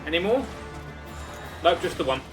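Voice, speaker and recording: A man's voice: a little high, animated, moderate pace, over music. A man streaming a game, chatty and joking, swearing for laughs. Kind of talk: casual gameplay commentary.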